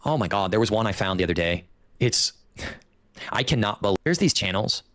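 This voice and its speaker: A man's voice: on the low side, animated, fairly quick, fairly bright tone, dry recording, studio quality. A man speaking in a clip, complaining casually in a rambling way with many restarts.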